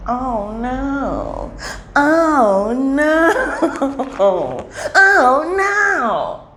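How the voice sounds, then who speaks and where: A woman giving a casual tarot reading, playful and animated, who swears freely and acts out little voices. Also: on the high side. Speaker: tarot reader. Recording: echoey room with faint hiss.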